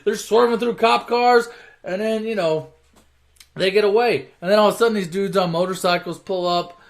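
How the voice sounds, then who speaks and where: A man's voice: high-pitched, normal speed, creaky. A man casually retelling a movie plot as a comic story, offhand and profane, often correcting himself mid-sentence.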